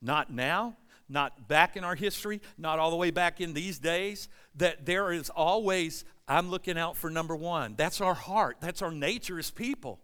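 A man preaching a sermon, reading scripture and explaining it, swinging from loud emphatic stretches to quiet asides. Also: on the high side, unhurried, clean tone, in a large hall. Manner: animated preaching, rising loud at emphasis, dropping soft. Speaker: pastor.

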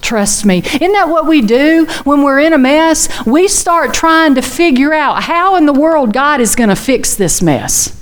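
A woman's voice: high-pitched, expressive, a little slow, hardly any pauses. A woman preaching a chatty, folksy sermon full of personal asides. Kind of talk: conversational sermon.

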